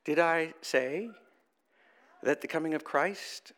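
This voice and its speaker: A man preaching a conversational sermon, asking the congregation rhetorical questions and talking in an animated way. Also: on the high side, slow pace, long pauses. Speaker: priest.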